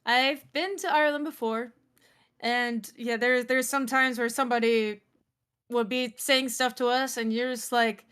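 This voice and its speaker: A woman chatting casually with friends on a stream, halting and full of fillers. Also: fairly high pitch, fairly even intonation, a bit bright, smooth. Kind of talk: casual group chat on a stream.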